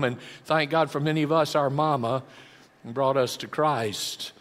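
A man's voice: medium pitch, steady tone, measured pace, fairly bright tone, in a large hall. A man preaching a sermon, dramatic, with big shifts in volume for emphasis. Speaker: pastor.

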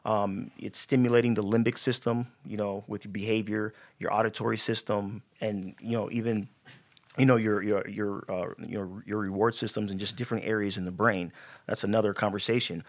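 Man, low voice, podcast guest, casual, animated examples. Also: brisk. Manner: animated, acts out athletes' inner voices. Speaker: sports psychology guest.

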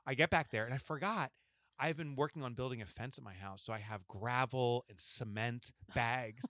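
A podcast co-host tells a long story during casual chat, playing out the people's lines as an animated storyteller. He has a mid-range voice and a moderate pace. The studio sound is clean with no echo.

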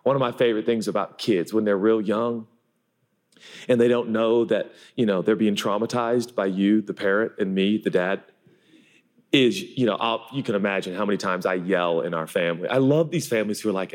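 Animated, self-mocking male preacher. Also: lowish voice, moderate pace. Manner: animated, self-deprecating, acts out voices. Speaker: pastor. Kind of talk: sermon.

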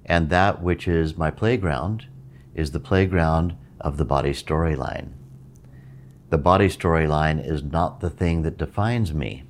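Male meditation teacher, extremely low voice, calm and measured, faint hiss behind. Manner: calm, measured, reflective delivery. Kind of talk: spiritual talk.

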